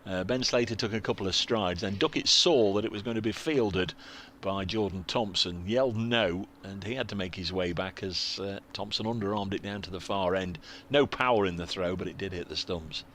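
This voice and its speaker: An English man calls the cricket ball by ball in a chatty, self-mocking way. His voice sits slightly low. A soft murmur of crowd and outdoor ambience stays faint behind him in the commentary box. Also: normal speed, few pauses, slight background noise. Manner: chatty, self-deprecating, reads out viewer messages.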